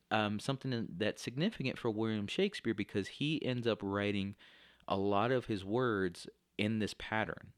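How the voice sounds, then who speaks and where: Low-voiced man teaching a class. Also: no echo, studio quality. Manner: explanatory, with frequent fillers. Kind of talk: recorded classroom lecture.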